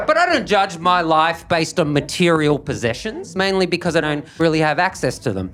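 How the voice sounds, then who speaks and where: A young man doing stand-up on a club stage into a handheld mic, dry and self-deprecating, with sudden jumps into a higher voice. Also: lively intonation, moderate pace, fairly bright tone. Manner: dry, self-deprecating delivery with sudden high-pitched bursts. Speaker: stand-up comedian. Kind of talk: stand-up routine. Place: comedy club stage with audience. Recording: live stage recording with crowd noise.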